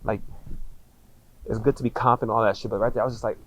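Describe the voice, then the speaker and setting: A man in his thirties, a podcast guest, telling a personal story candidly, in casual slang with frequent swearing and halting restarts. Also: fairly low pitch, steady tone, a little hiss or hum, rough recording.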